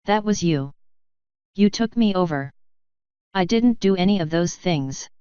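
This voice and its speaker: Woman reader as a defiant young unicorn mare, slow and emphatic, very clear voice, storybook reading. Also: on the low side, lively intonation, mellow, no room sound, dull audio. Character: young female unicorn scholar, angry and defiant.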